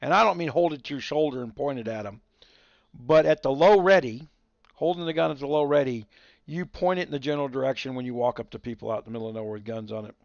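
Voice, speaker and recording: Male stream host, gravelly, bluntly opinionated, casual chat with viewers; dull lo-fi sound. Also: medium pitch, quick pace, dry recording. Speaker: livestream host.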